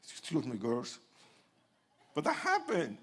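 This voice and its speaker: A man's voice: a little high, huge pitch swings, takes it slowly, breathy edge. An older man from Puerto Rico telling his life story dramatically to an audience, acting out quoted lines and joking with listeners. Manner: acts out quoted lines, swings from hushed to loud; jokes with the audience. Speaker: speaker giving his testimony.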